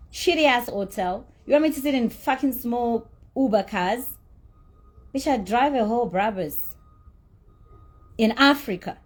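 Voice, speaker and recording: A woman with a husky, slightly high voice recounts a quarrel in a blunt, indignant way. She swears freely and sounds thoroughly fed up. She comes across as middle-aged and speaks with a celebrity's self-assurance. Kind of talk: heated personal storytelling.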